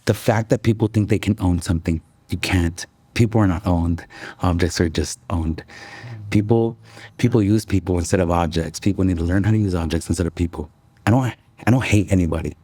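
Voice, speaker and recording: A man's voice: deep voice, brisk, mellow, no room sound. A young man, a company president, chatting casually as an interview guest, upbeat and jokey. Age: young adult.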